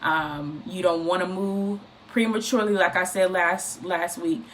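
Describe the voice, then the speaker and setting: A woman giving an informal, encouraging faith talk, speaking in an animated, repetitive, conversational way. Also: on the low side, measured pace, slight background noise. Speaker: inspirational speaker.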